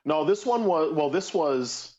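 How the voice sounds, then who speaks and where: A man's voice: fairly high pitch, lively intonation, measured pace, a little mellow. Man explaining history, lo-fi sound. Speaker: co-host telling of a trip. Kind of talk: casual chat. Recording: dull lo-fi audio.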